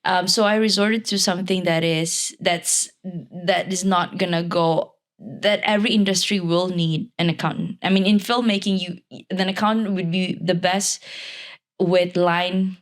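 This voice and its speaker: A woman from Malaysia, a lively podcast guest who laughs easily and talks in quick asides. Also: lowish voice. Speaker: podcast guest, life coach. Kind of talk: casual interview chat.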